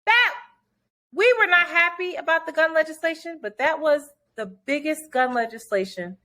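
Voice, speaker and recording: Lively high-voiced woman co-hosting. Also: moderate pace. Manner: animated, cursing, mimics people in quotes. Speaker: podcast co-host. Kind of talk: casual chat.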